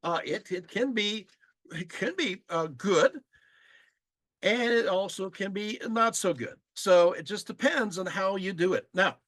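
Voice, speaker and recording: Lively male lecturer, high voice with big swings, dry close sound, acts out audience reactions. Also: unhurried, no room sound.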